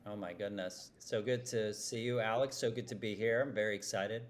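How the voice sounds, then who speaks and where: A man, an advertising executive, telling lively, self-deprecating stories as a guest on a podcast interview. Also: fairly low pitch, normal speed. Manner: animated, self-deprecating storytelling.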